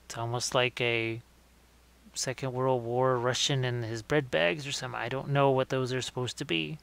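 A man with a smooth, resonant voice talks viewers through a miniature painting session on a live stream. He sounds relaxed and thinks aloud as he works, restarting and correcting his phrasing as he goes. His pitch sits in an ordinary middle range. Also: normal speed.

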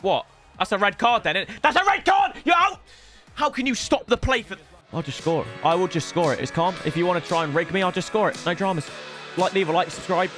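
A young man giving loud, joking commentary over a football video game, swearing often and putting on silly voices. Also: sits high, fast, soft background music. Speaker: gaming YouTuber. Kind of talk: energetic gameplay commentary.

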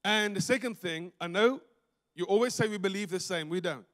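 South African preacher with a high voice in a church hall. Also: male voice, fairly quick. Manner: storytelling preacher, swings from loud to hushed. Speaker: pastor. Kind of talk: sermon. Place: church sanctuary.

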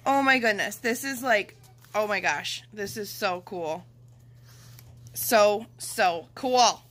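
A woman in her thirties, a mother and vlogger, gushing and gasping with excitement as she opens a gift package at home. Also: medium pitch, slow, soft background music. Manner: gushing, gasping, says "oh my gosh" often. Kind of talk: excited unboxing chat.

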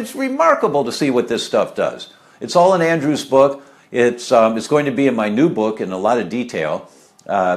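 A middle-aged man talking casually and live about health, rambling with many fillers and asides while answering viewer questions. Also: lowish voice.

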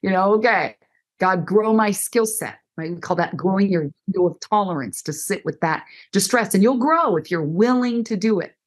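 Middle-aged woman, counselor guest on a faith podcast; animated teacher who acts out quoted dialogue, mid-range pitch. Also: moderate pace.

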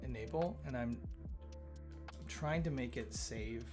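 A man's voice: mid-range voice, slow. A man hosting a casual live coding stream, thinking aloud as he works and chatting with viewers as they arrive. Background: chill lo-fi music.

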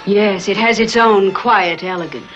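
An actress playing an elegant, serene, ghoulish wife in a 1970s TV comedy, speaking in a calm, languid, dryly amorous way. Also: female voice, medium pitch, measured pace, lightly acted. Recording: dull TV soundtrack with music.

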